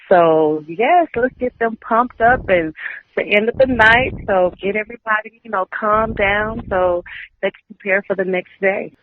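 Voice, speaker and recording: A woman in her forties from Texas, a Reiki practitioner, chatting in an upbeat, energetic way as an interview guest. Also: a little high, moderate pace, no room sound. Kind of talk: casual interview chat. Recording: dry tinny phone line.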